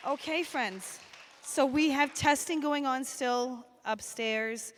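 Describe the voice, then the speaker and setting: Cheery lady at a school assembly, high pitched, encouraging, talking to young kids. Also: takes it slowly, slight background noise. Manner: upbeat, encouraging. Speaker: school staff addressing young pupils. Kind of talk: addressing children at a school assembly.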